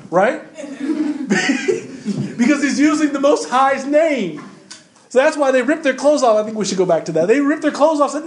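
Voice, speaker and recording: Pastor, male, high for a man, conversational preacher who keeps questioning the congregation. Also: animated, brisk, reverberant. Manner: conversational, emphatic preaching with repetitions; addresses the congregation directly with questions. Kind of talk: sermon.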